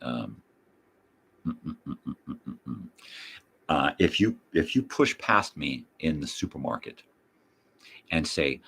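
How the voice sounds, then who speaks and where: A man's voice: extremely low pitch, very animated, unhurried, creaky, long pauses, a bit bright, breathy edge. An older man hosting his own show, ranting bluntly with heavy profanity and mocking repetition. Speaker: host. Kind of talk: ranting monologue.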